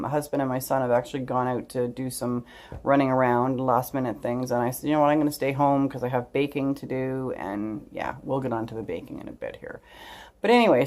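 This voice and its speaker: A woman's voice: a bass voice, a little mellow. A middle-aged woman telling a story to her camera at home, rambling, with frequent ums and asides. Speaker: vlogger. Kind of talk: casual storytelling vlog.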